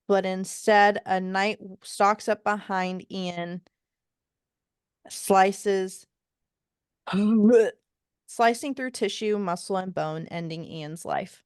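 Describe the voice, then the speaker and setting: A woman co-hosting a casual book podcast, retelling the plot with animated quotes and sarcastic, swearing asides. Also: medium pitch, takes it slowly, clear, resonant tone, no room sound, clean studio sound. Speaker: podcast co-host.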